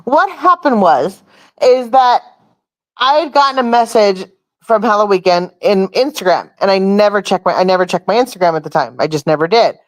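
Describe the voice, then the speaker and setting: A woman's voice: mid-range voice, lively intonation, moderate pace, dry recording. A woman hosting a casual chat, telling a long rambling story and swearing freely. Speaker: host.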